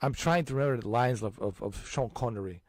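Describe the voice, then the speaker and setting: Brief: man, 40s, lively casual host, emphatic jumps, mid pitch, dry close recording. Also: brisk, no echo. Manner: animated, restarts often, sudden emphatic rises. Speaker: gaming channel host. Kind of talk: casual chat.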